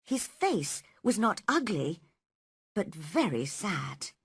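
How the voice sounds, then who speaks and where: A woman reading a story aloud at a slow, careful pace for learners. Her voice rises and falls freely with a slightly husky edge, recorded close and dry. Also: lowish voice, sing-song, no room sound. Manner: slow and clearly paced. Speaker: narrator. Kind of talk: slow scripted narration for learners.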